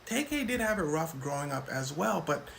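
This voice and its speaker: A man narrating a story in a lively, animated way, sometimes dropping to a whisper. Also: fairly high pitch, moderate pace, gravelly, slight background noise. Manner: lively, jumps between voices, drops to whispers.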